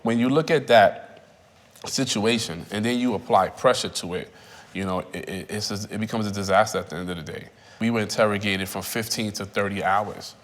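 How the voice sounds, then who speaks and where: A man in his thirties giving personal testimony in a reflective, halting way, often repeating phrases. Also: fairly low pitch, a bit bright. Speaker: interviewee. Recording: reverberant room.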